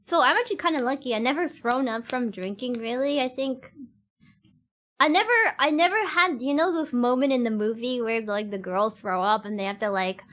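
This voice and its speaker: A woman's voice: on the high side, normal speed, fairly bright tone. A woman streamer chatting casually with her viewers, giggling and laughing often, with loose, slightly non-standard grammar.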